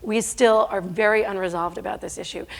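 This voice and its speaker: Middle-aged woman speaker on stage, emphatic, rhetorical questions, mid-pitched voice, self-corrections. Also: fairly even intonation, brisk. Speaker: speaker giving a stage talk. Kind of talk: conference talk. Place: stage before an audience.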